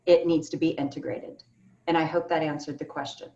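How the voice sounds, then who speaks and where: Over an echoey, distant, dull video call, a keynote speaker answers a panel's questions with earnest emphasis. She has a deep, mellow voice and a flat delivery, speaking briskly.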